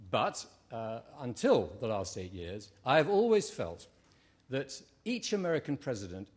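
A man's voice: medium pitch, darkish tone. A man with a British accent giving a formal debate speech to a live audience, wry and dotted with ums and uhs.

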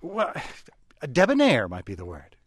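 A man's voice: mid-range voice, wildly swooping pitch, normal speed, husky, dry recording. Man interviewer, dry and wry. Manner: leading questions, wry asides. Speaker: radio interviewer host. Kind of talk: conversational interview prompting.

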